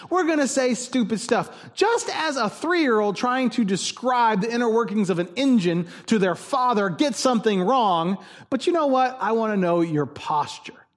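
A man preaching a sermon as a pastor, conversational and emphatic, repeating his key points. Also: sits high.

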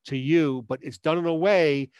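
A man's voice: on the high side, moderate pace, a little mellow, clear, resonant tone, no echo, lo-fi sound. Dry-sounding man asking probing questions. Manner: asks long probing questions. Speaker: interviewer. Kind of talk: casual interview talk.

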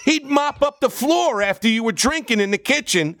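High-voiced jersey guy swearing nonstop, pitch jumping all over, riffing on a podcast. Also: normal speed. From New Jersey, USA. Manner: profane, animated storytelling. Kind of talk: casual podcast chat.

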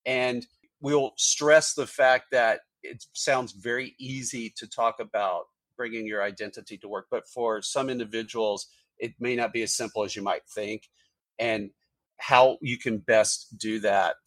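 A man speaks as an HR executive guest on a podcast, with a measured, corporate delivery full of small fillers. His voice sits at an ordinary middle pitch. The recording is dry and close, with no room sound. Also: steady tone, a bit bright, dry recording. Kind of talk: podcast interview answers.

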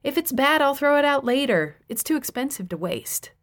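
An irritable husband, all clipped, exasperated retorts, as a woman narrator reads his part. He sounds dismissive and short-tempered, pitched a little above a plain speaking voice, and brushes off every worry. The lines are read as audiobook dialogue. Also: sing-song, moderate pace. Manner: curt, exasperated, snapping back.

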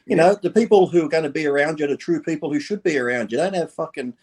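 A man's voice: on the high side, quick pace, a little mellow, slightly rough. Blunt, swearing man. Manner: blunt and profane, speaks his mind. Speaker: podcast guest. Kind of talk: casual podcast chat.

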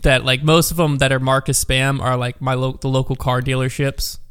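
A man's voice: mid-range voice, fairly quick, smooth. A man co-hosting a podcast, telling a story in casual chat with lots of fillers. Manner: storytelling, animated, many fillers. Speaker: podcast co-host.

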